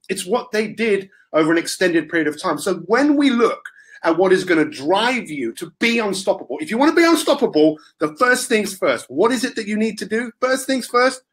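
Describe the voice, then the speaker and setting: Male motivational coach, playful and theatrical, high and lively delivery. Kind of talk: motivational talk.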